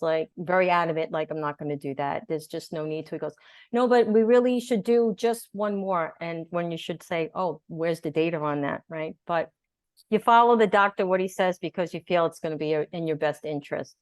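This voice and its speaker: A woman guest in an interview, telling her story in a lively way and acting out what people said. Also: fairly low pitch, dry recording, studio quality. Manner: animated storyteller, acts out quotes. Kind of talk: conversational interview.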